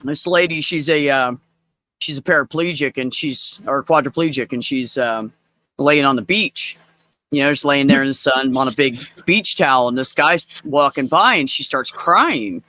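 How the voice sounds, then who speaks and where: A man in a casual online chat telling a long joke deadpan, giving the people in it their own lines. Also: medium pitch, normal speed, no echo. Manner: deadpan joke-teller who voices the people in his jokes. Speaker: co-host of a group live chat.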